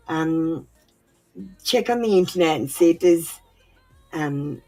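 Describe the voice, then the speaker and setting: A woman talks low and blunt on her livestream, full of "um"s and casual swearing. She sounds a bit under the weather, and soft music plays behind her. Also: husky. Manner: frank and blunt, swears freely, many fillers. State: unwell. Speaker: tarot reader on a livestream. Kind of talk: casual livestream advice talk.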